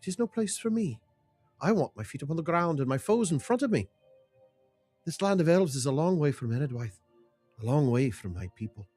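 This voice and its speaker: A man's voice: a little high, big pitch swings, fairly quick, mellow, faint music behind, voice pushed up. A man reading a blunt, loyal warrior's quest lines in a formal, solemn way.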